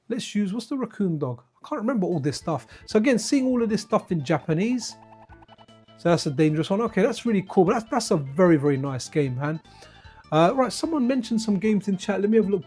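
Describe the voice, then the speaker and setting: A man's voice: high voice, darkish tone, husky. A man, hosting a retro gaming livestream in casual, rambling chat with viewers. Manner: rambling, laughing, chatty with viewers. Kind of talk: casual gameplay commentary and chat. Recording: faint game music behind.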